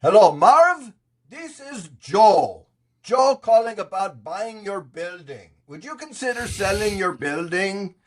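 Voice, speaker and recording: Brief: older man plays dopey cold caller, squeaky-high, overdone and chirpy. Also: sing-song, slow pace, exaggerated voice. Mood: goofy. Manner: silly, exaggerated, chirpy. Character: goofy overeager male cold caller.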